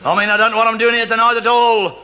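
A man's voice: extremely high pitch, fairly even intonation, quick pace, pushed and bright. An actor playing a bullying drill sergeant, barking orders and mocking his recruits in a 1970s studio sitcom. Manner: jeering, barking orders, laughs at own jokes. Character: bullying male army drill sergeant who mocks recruits. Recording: hissy old TV sitcom audio with studio audience laughter.

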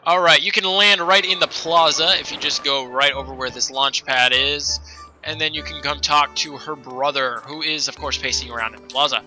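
Rambling, bright-voiced game commentator. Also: male voice, a little high, steady tone, normal speed, soft background music, low-quality recording. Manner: rambling, self-correcting, chatty. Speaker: let's play host. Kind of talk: casual gameplay commentary.

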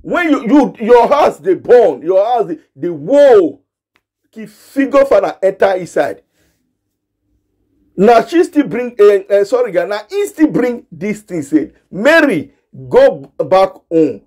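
High-voiced yet mellow, this Nigerian man speaks a little slowly but very animatedly, with a Nigerian Pidgin accent. His ranting gossip commentary scolds its targets to their faces and repeats points for emphasis.

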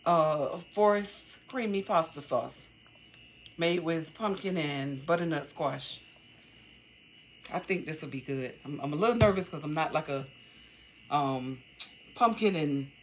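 A low-pitched middle-aged woman chatting through a shopping haul at home. She talks in a loose, halting way, full of ums and restarts. A steady hiss sits under the recording. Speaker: vlogger. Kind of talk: casual haul vlog.

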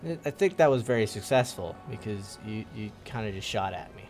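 A man's voice: fairly low pitch, lively intonation, brisk, a little mellow, soft background music. A young man giving casual, joking commentary while playing a video game, swearing often and taunting the enemies on screen. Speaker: gaming video host.

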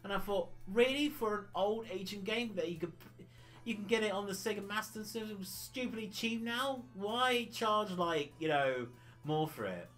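A man's voice: sits high, lively intonation, normal speed, a bit bright, faint music behind. A man from the UK chatting casually on a retro gaming livestream, rambling and laughing often.

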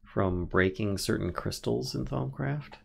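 A man's voice: lowish voice, a little slow, gravelly, slightly rough. A man casually chatting on a gaming stream, thinking aloud as he reads out crafting recipes and often laughing. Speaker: streamer, co-host.

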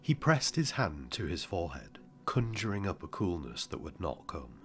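A man with a very deep voice narrates an audiobook in a measured, somber way. His delivery moves expressively up and down. Soft music sits faintly beneath him. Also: big pitch swings.

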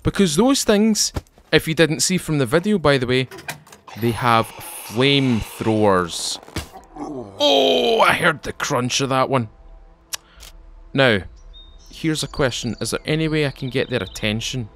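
A man's voice: mid-range voice, big pitch swings, a little slow, creaky, pauses often, a bit bright, slight background noise. A man hosting a let's play, chatting and joking as he plays and talking back to the enemies on screen. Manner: chatty, jokey, talks to game enemies. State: tired. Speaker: gaming channel host.

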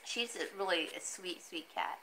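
A woman's voice: moderate pace, sharp tone, a little hiss or hum, poor audio. A woman hosting a casual live jewelry sale from home, chatty and easily sidetracked, laughing often and cooing at her cat. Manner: talks to her cat in a high coaxing voice. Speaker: online jewelry seller. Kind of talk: casual live-stream sales chat.

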